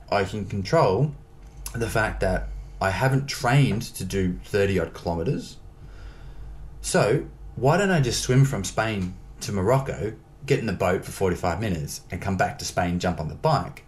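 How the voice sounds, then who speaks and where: Deep-voiced man telling a story. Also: moderate pace. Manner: lively, acts out dialogue in his stories. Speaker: interview guest. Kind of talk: casual storytelling.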